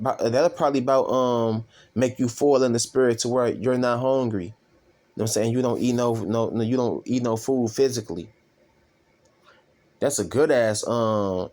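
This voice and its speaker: A man's voice: medium pitch, darkish tone. Rambling, profane male street preacher. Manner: rambling, profane, drawn-out fillers. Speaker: self-styled preacher. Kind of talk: casual scripture reading and commentary.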